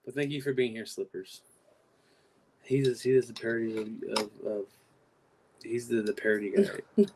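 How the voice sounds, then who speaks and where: A man guest on a live stream, talking casually and haltingly, often repeating words as he restarts. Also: mid-range voice, steady tone, a little mellow, a little hiss or hum. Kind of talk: casual chat.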